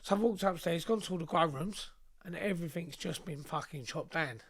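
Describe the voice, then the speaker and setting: A man's voice: a little high, fairly quick. A man, a guest on an interview show, telling a story in a blunt, sweary, rambling way.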